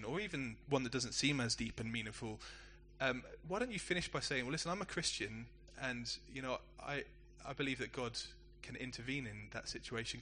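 Pastor, male, middle-aged; bright forward voice; chatty story-led preaching. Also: medium pitch, a little hiss or hum. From England. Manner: conversational, self-deprecating storytelling. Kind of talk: sermon.

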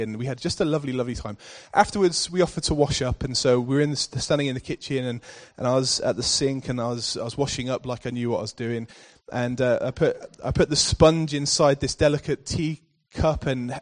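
A man preaching a sermon in church, telling a personal story before building to emphatic scripture readings. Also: fairly high pitch.

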